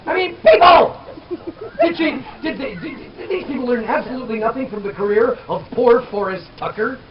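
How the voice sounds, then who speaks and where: A middle-aged man doing stand-up comedy for a festival crowd, animated and shouting out names. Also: extremely high pitch, brisk, muffled recording. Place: outdoor festival stage. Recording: distant crowd-noise camera audio.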